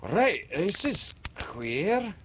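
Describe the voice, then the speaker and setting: A fussy pirate bosun who squeaks and stammers in a thin, pinched voice. The pitch leaps high above a normal man's, loud and fluttery, and it keeps bouncing all over the place. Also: big pitch swings, drawn-out words, a little hiss or hum, heavily acted. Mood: flustered.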